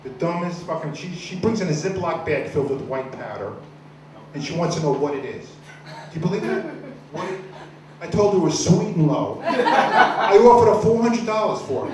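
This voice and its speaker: Rambling foul-mouthed man on a far-off, echoey mic. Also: high voice. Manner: rambling, crude, deadpan storytelling with many restarts. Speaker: stand-up comedian. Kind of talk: stand-up set at an open mic.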